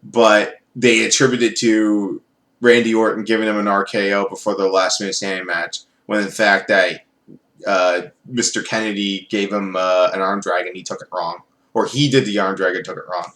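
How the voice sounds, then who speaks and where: A man's voice: on the low side, level tone, moderate pace, a bit bright. A man reviewing a TV show in a casual video, rambling and sarcastic, with many fillers.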